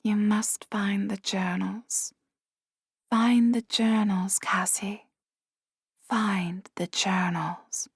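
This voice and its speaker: A woman voicing a ghost that whispers slowly and insistently to someone asleep in an audiobook. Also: medium pitch, steady tone, breathy edge, dry recording, studio quality, full character voice. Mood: eerie. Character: eerie whispering ghost calling a sleeper.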